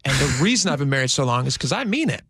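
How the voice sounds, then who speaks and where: Fast-talking gravelly male radio co-host. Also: medium pitch, big pitch swings, a bit bright, no echo, studio quality. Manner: joking, chatty advice about marriage. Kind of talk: casual radio banter.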